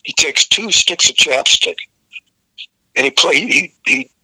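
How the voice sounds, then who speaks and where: Older male singer guest, very bright cutting voice, dry close sound, salty storyteller. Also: a little high, lively intonation, unhurried, slightly rough, dry recording, low-quality recording. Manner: profane, vivid storyteller who acts out the people in his story. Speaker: guest vocalist. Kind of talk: storytelling in a casual interview.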